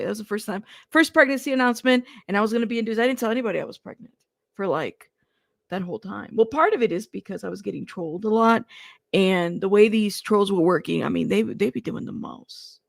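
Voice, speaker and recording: A woman's voice: medium pitch, quick pace, vocal fry, dry recording. Chatty woman livestream host, dry sound. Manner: chatty, greets viewers by name, excitable. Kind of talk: casual livestream chat.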